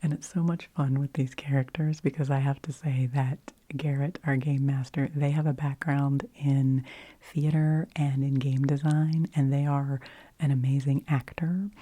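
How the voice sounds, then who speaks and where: A woman whispering softly into a close microphone in a rambling ASMR chat, unhurried and full of little fillers. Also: a bass voice. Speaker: ASMR host.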